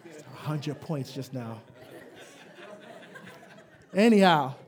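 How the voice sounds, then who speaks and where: A man preaching a live sermon, emphatic and rising to shouts, leading call and response and joking with the congregation. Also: a little high, expressive, slow, crowd noise.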